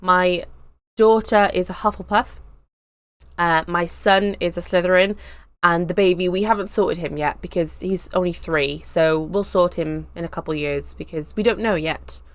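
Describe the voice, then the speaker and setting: A woman in her thirties hosting a casual live stream, chatty, excitable and a little nervous, drifting onto tangents. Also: fairly low pitch, moderate pace. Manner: nervous, giggly.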